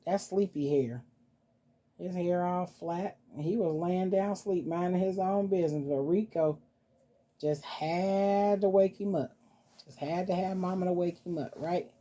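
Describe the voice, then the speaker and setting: A woman's voice: on the low side, normal speed, mellow. A woman vlogger chatting casually and cooing to her dolls as she shows them off. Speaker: vlogger showing reborn dolls. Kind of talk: casual vlog chat.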